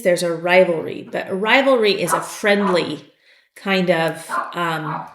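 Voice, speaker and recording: A woman teaching English vocabulary, explaining slowly and patiently with the odd "um". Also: mid-range voice, echoey room, a little hiss or hum. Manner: slow, patient explaining with fillers. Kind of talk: vocabulary lesson.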